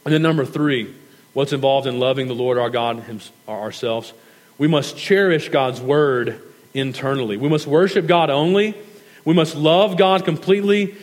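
A man preaching a sermon earnestly, repeating key phrases for emphasis and slowing down to stretch important words. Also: fairly high pitch. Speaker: pastor. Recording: long hall reverb.

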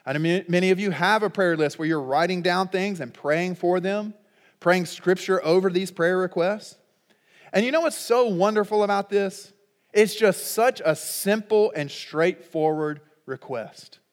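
A middle-aged male pastor preaching a sermon in a conversational, humorous way, breaking into loud, emphatic peaks. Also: sits high, measured pace, big-room sound.

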